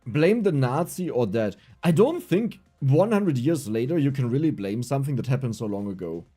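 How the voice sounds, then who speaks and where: A young man with a German accent chats on a livestream in a lively, rambling way, his pitch rising and falling a lot. His voice has a mellow, darker tone, and soft game music plays faintly underneath. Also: moderate pace, slightly rough. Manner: animated, rambling, frequent restarts. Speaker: streamer. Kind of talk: casual livestream chat while gaming.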